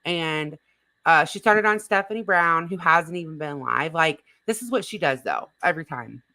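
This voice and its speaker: A woman's voice: deep voice, animated, moderate pace, pushed and bright, low-quality recording. A woman hosting a livestream, chatting casually and reading the chat aloud while reacting to a clip.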